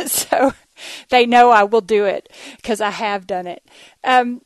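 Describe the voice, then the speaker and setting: A woman with a slightly high voice and a Texas accent hosts a casual podcast monologue, recorded with no room sound. She's chatty, laughs often, and uses plenty of ums and uhs.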